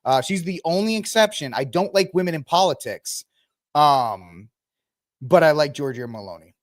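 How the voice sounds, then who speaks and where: A man's voice: a little high, animated, normal speed, dry recording. Rambling male podcast host, dry sound. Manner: rambling, filler-heavy, self-correcting. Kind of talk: casual news commentary livestream.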